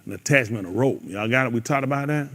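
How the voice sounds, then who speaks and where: Speaking fast in a mid-range, fairly bright voice, this teacher runs a relaxed, joking Bible class for his congregation. He trades banter and shares laughs with them in between reading scripture.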